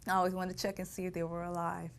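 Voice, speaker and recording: Femme au ton posé racontant ses souvenirs. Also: female voice, on the low side, monotone, rapid-fire, a little hiss or hum. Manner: reflective, laughs while telling painful memories. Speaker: interviewee. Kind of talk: personal storytelling.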